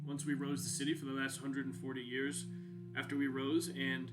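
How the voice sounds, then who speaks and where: A man narrating as game master, explaining at length in a measured way. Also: medium pitch, completely flat delivery, music in the background, rough recording.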